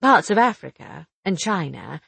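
A woman voicing a lively, teasing young sleuth. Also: low voice, normal speed, gravelly, breathy edge, dry recording, pitched below the performer's own voice, exaggerated voice. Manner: bright, chatty, teasing. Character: quick-witted, cheerful young woman amateur sleuth. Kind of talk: audiobook dialogue reading.

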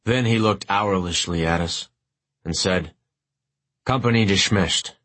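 A man reading a war memoir aloud as an audiobook narrator, in a measured, literary and wry way. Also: low voice, a bit bright.

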